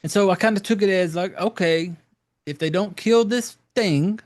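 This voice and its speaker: Guy on his podcast rambling thru a movie recap, swears a lot, kinda high voice. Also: normal speed. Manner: rambling, profane, loose storytelling with fillers. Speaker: podcast host.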